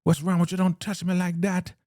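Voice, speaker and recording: A man's voice: high-pitched, monotone, a little fast, dark tone, dry recording, studio quality, voice pushed up, natural voice. A man voicing a frightened woman who protests being handled. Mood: protesting.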